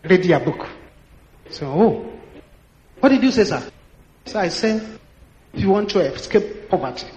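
A Nigerian man in his sixties, a pastor telling stories in an animated sermon and acting out the dialogue. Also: high voice, a little hiss or hum. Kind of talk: sermon storytelling. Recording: echoey hall, dull lo-fi sound.

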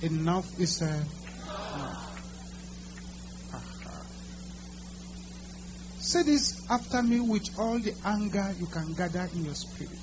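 A male preacher leading a deliverance service, commanding the congregation and calling out prayers in a high, lively voice. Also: takes it slowly, pauses often, noisy background. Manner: commanding, shouting and speaking in tongues.

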